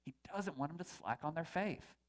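A man preaching a sermon as pastor, conversational and animated, with playful asides. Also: on the high side, normal speed.

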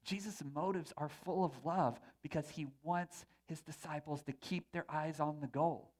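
A male pastor delivers a sermon in a church sanctuary, talking to the congregation in a loose, conversational way. His voice sits a little higher than most men's. He moves between earnest points and playful, joking asides. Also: moderate pace, a little mellow.

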